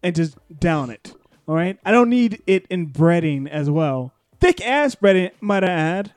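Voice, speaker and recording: A man's voice: sits high, sing-song, unhurried, darkish tone, no echo. A man co-hosting a podcast, talking in a blunt, profane, emphatic way in casual chat. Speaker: podcast co-host.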